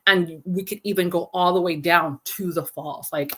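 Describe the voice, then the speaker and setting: A woman, a film festival founder, telling stories in a casual interview, rambling and animated with many fillers. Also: on the low side, moderate pace, slightly rough.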